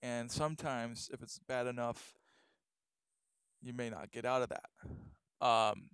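Young guy, casual vlog storyteller, rambly with lots of fillers; clean, smooth voice, dry close sound. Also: medium pitch, steady tone, slow, fairly bright tone, no room sound. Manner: rambling, many fillers and restarts. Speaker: vlogger.

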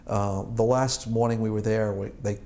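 A man's voice: on the low side, fairly even intonation, moderate pace, creaky, mellow. A man in his sixties from Boston, an Army veteran recalling his service in an oral history interview, rambling and chuckling with many fillers and restarts. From Boston, United States.

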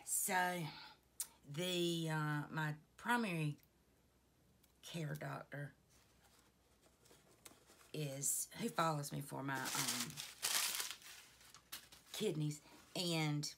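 A woman chats to her viewers in a low, unhurried voice. Her tone carries a gravelly fry, and she drifts through her thoughts in a heartfelt, rambling way, laughing at herself as she goes. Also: fairly bright tone, slight background noise. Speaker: vlogger. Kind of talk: casual chat to camera.

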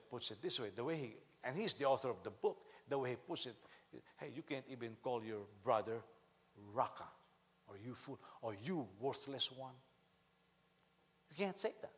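A man preaching a sermon as pastor, animated, acting out quotes loudly and swinging from quiet to shouting. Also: mid-range voice, slightly rough. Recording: long reverb of a hall.

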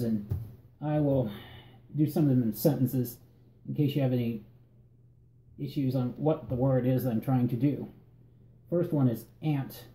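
Deep-toned Northern Virginia man, echoey room. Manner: relaxed, halting, repeats words. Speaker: vlogger. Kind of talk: reading an accent tag word list.

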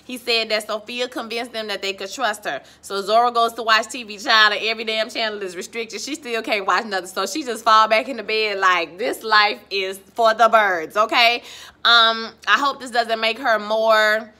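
A woman's voice: fairly high pitch, fairly even intonation, moderate pace, bright, forceful tone. A woman giving a casual recap of a TV episode, with sassy, slangy asides to the viewer. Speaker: TV show recap reviewer.

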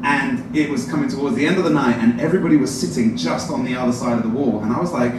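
A young English man doing stand-up, telling a self-deprecating story in an animated way. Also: medium pitch, quick pace. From England. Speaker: stand-up comedian. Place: open mic at a coffee shop. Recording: distant mic in a very echoey room with noise.

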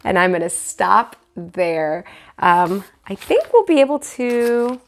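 A woman teacher reading a children's book aloud to her class. Her narration is expressive, with a lively, animated pitch, at a middle height. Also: slow pace. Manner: warm, expressive storytelling.

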